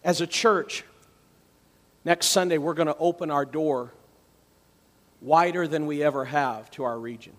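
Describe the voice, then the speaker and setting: Male pastor preaching with dramatic swings in volume, pitched high, recorded in a reverberant church. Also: a little slow, long pauses. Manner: dramatic storytelling, swings from loud to quiet. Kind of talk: sermon.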